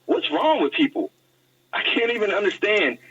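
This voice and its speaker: A man's voice: high-pitched, sing-song, moderate pace, fairly bright tone, breathy edge, no echo. A man appearing as a guest, ranting in casual chat and cursing freely. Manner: ranting, profane. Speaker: guest host. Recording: distant muffled phone-like line.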